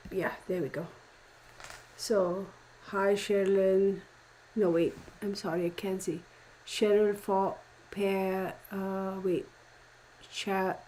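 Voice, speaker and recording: Female streamer, casual and rambling, warm mellow voice, calls her viewers y'all. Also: mid-range voice, a little hiss or hum, poor audio. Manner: frustrated, rambling talk with many restarts. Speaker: tarot channel host greeting live chat viewers. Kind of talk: casual livestream chat.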